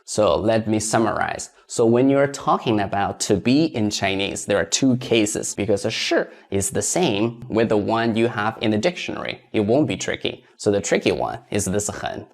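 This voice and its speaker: A man teaching a grammar lesson in English, explaining step by step and slowly repeating each example sentence twice. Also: on the low side, animated, vocal fry. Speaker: Chinese language teacher.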